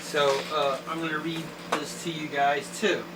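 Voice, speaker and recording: A man in a personal video diary, talking haltingly with many fillers and clearing his throat and coughing now and then. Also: a little high, flat delivery. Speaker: vlogger. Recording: slightly distant mic with faint noise.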